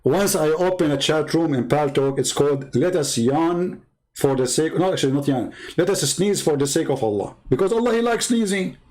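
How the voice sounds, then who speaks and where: A man's voice: a little high, moderate pace, darkish tone, low-quality recording. A man hosting a live stream, arguing emphatically in broken English. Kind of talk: polemical debate talk.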